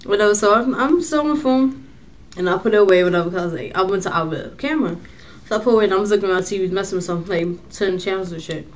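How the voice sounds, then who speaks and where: A young woman tells a story to the camera in a loose, slangy way. She swears often and sounds animated. Her pitch sits in the middle. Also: very fast. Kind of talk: casual storytelling vlog.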